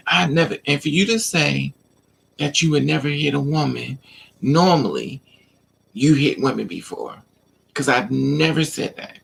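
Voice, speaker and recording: A woman's voice: sits low, a little slow, gravelly, breathy edge. A woman vlogger telling a personal story in a casual rant, animatedly acting out both sides of an argument.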